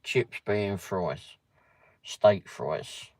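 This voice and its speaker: A man's voice: low voice, lively intonation, very slow. A man hosting a casual livestream, reading a pub menu aloud with muttered asides and the odd swear word. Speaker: livestream host.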